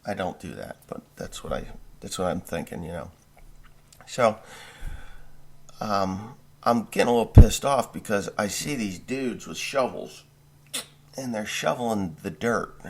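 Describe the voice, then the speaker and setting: A farmer vlogger telling a long, rambling dream story in a casual way, full of profanity and self-corrections. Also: male voice, sits low.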